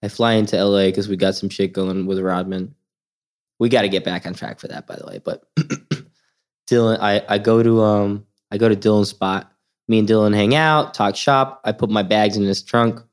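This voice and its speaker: A young man who grew up in Sweden, a podcast guest telling lively anecdotes in casual chat and acting out the voices of the people in them. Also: fairly low pitch, moderate pace. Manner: animated storyteller, acts out voices in quoted lines. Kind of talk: casual storytelling.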